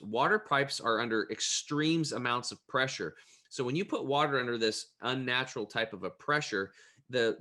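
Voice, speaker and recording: A man speaking as an interview guest, an energetic, emphatic and plain-spoken storyteller. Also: medium pitch.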